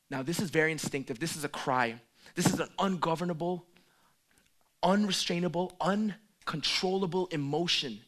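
A man preaching a sermon, swinging from hushed asides to loud, emphatic calls. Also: fairly high pitch, normal speed.

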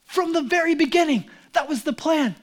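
A man's voice: extremely high pitch, normal speed. A man preaching a sermon as pastor, talking casually and conversationally with many "like"s and acting out Bible figures in quoted speech. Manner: casual and conversational, heavy use of "like".

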